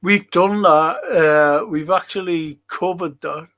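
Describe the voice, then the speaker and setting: A man hosts a casual live stream as a historian, chatting and joking with his viewers. He speaks slowly and unhurriedly. His voice is fairly high and has a gravelly, creaky edge. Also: a bit bright, dull audio. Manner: chatty and jokey, greeting viewers by name.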